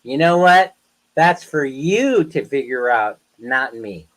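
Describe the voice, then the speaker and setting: A man hosting a live stream, rambling through animated stories in casual chat with viewers. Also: mid-range voice, takes it slowly, rough recording. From United States. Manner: rambling, animated, chatty storytelling. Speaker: livestream host.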